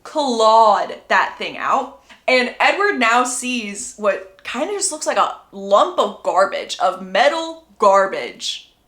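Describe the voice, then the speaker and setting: A young woman recapping a book in an animated, sassy, gossipy storytelling style, in an indoor room. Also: fairly high pitch, slow. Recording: roomy echo.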